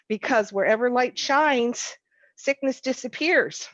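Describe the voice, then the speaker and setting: A woman's voice: a little high, moderate pace, no room sound, muffled recording. A woman teaching a healing practice over a video call, guiding the group through repeated soothing chants. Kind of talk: guided healing chant session.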